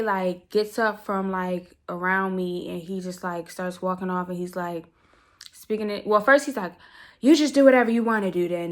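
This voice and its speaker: A young woman telling a story straight to camera, emphatic and animated in her speech. Her delivery is casual and full of slang, with a mid-pitched voice, like a vlogger recounting her week. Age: young adult.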